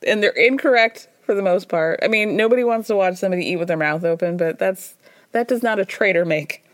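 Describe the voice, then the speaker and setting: A woman's voice: medium pitch, brisk, dry recording, clean studio sound. Chatty, gossipy woman podcast host. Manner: chatty, gossipy, wry, laughs often. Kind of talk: casual reality-TV recap chat.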